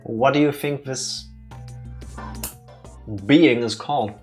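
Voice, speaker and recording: A man hosting a let's play, commenting on the game in an excitable, joking way with quick asides. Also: mid-range voice, soft background music. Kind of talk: casual gameplay commentary.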